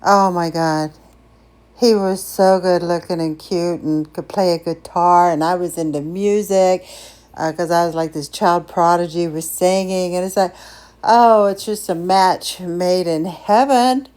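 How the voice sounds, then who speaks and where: Mellow-voiced older woman telling a story. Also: on the low side, steady tone, unhurried, clear, resonant tone. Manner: emotive, chatty, with restarts and laughs. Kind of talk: casual personal storytelling.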